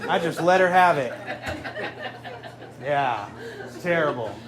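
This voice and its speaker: A man in his thirties from Southern California doing a stand-up comedy set with a deadpan, self-mocking delivery. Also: a little high, takes it slowly, crowd noise. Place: live comedy venue with audience. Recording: noisy live room ambience. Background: audience laughter.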